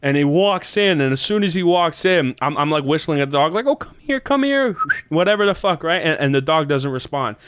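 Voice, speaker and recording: A man hosting a podcast, telling a long story in casual, profane chat and jumping into high voices when he quotes people. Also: a little fast, few pauses, a bit bright, clear, resonant tone, no echo. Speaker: podcast host.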